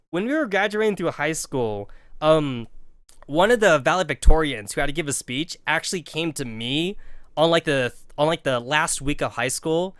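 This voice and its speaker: A man's voice: on the high side, a bit bright, clean tone, no echo, studio quality. A man in his thirties telling a rambling, profane story on a game stream, full of "like" and acted-out quotes. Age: 30s.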